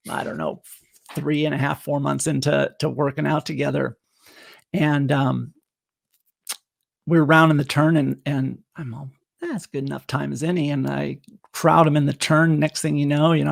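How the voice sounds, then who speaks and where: A man who is a running coach, telling an animated story in a casual live stream and acting out the dialogue. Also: a little high, gravelly. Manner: animated anecdote-teller who acts out quoted dialogue.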